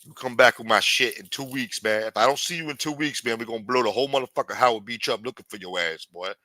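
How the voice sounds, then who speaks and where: A man's voice: medium pitch, fast, pushed and bright, no echo, lightly acted. A man playing a threatening, profane street hustler in improvised comic role-play. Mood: menacing. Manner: profane, taunting, streetwise swagger. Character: menacing male street hustler, adult, threatening.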